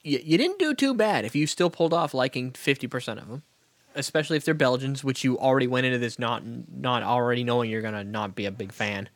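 A man's voice: mid-range voice, lively intonation, quick pace, no room sound. A man co-hosting a casual chat, teasing and joking in crude banter. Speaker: podcast co-host.

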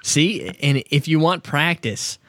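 A man's voice: a little high, slow pace, fairly bright tone, dry recording. A man hosting a casual chat, joking and laughing between remarks. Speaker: podcast host.

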